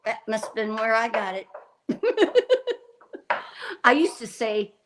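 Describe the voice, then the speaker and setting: A woman's voice: fairly high pitch, steady tone, fairly quick, fairly bright tone, slight background noise, poor audio. A woman hosting a livestream, chatting casually with viewers in a rambling way while she cooks. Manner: rambling and chatty, often laughing and restarting. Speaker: livestream host. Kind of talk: casual chat with live viewers while cooking.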